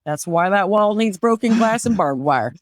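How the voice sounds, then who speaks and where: A woman voicing a brash, fast-talking Southern American woman. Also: medium pitch, lively intonation, no echo, studio quality, natural voice. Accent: put-on Southern US.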